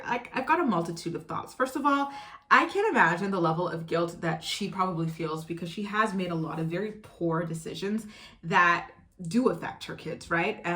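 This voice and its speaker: Woman YouTube commentator, low-pitched, bright and forceful, chatty direct address. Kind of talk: casual commentary to viewers.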